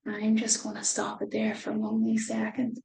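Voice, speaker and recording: A woman reading a storybook aloud to children as a mindset teacher. She talks gently and pauses often to explain and reflect. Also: a little high, completely flat delivery, gravelly, a little hiss or hum. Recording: roomy echo.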